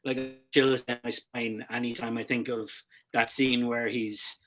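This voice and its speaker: A man's voice: mid-range voice, flat delivery, measured pace, fairly bright tone. A man co-hosting a casual film podcast over a video call, rambling with many fillers and restarts. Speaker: podcast co-host.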